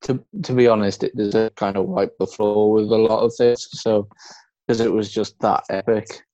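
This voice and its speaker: A tired man talking as a guest on a casual sports podcast, rambling and halting. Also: fairly low pitch, flat delivery, mellow, highs cut off.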